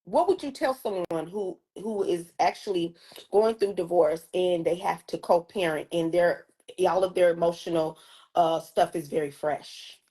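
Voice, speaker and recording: A woman's voice: lowish voice, moderate pace, warm tone, slightly rough. A woman hosting a casual interview, affirming her guest and chiming in often with short agreement. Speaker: host.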